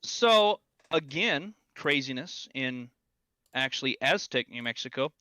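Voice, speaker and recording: A man co-hosting a casual podcast, telling stories animatedly and loudly acting out what people said. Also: mid-range voice, unhurried, dry recording, studio quality. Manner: animated storyteller, acts out quotes loudly. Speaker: podcast co-host. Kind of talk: casual chat.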